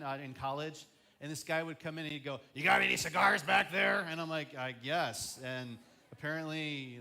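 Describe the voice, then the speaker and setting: A man's voice: fairly high pitch, a bit bright. A young man preaching as a student ministry pastor, chatty, often acting out quoted voices. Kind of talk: youth sermon.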